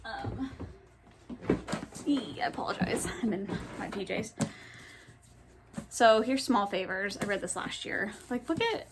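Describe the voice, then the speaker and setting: A woman's voice: mid-range voice, a little slow. A young woman talks casually into her camera at home, rambling and correcting herself as she goes. She has the hiccups, and a faint hum of room noise sits under her voice. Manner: chatty, rambling, with many ums and self-corrections. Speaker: book vlogger. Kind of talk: casual chat.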